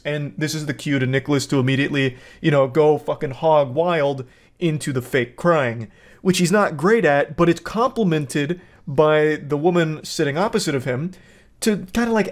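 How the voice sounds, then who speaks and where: Sarcastic profane male commentator. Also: a little high. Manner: sarcastic, profane, deadpan mock praise. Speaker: commentary host. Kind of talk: reaction commentary.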